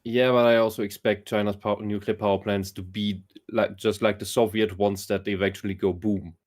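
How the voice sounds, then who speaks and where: A man's voice: on the low side, level tone, normal speed, a little mellow. A man from Germany, a podcast guest who talks bluntly and opinionatedly and swears. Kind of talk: casual conversation.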